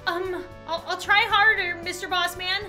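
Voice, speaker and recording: A woman's voice: steady tone, a little slow, bright, forceful tone, soft background music, heavily acted. A woman voicing a timid young office worker in a game she reads aloud, meek and pleading. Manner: meek, pleading, high-strung. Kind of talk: game dialogue read aloud.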